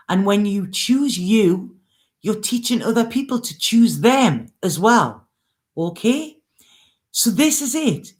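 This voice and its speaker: A woman tarot reader giving an emotional, earnest spiritual reading, coaxing her listeners and often checking in with "okay?". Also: lowish voice. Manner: earnest, coaxing, with frequent "okay?" and "you know". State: near tears, emotional. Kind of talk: spiritual reading, casual monologue.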